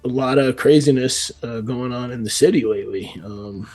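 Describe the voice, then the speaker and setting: A man's voice: mid-range voice, moderate pace, darkish tone, faint music behind. A man from New York with a New York accent, a metal band vocalist chatting casually in an interview, rambling with many fillers and restarts.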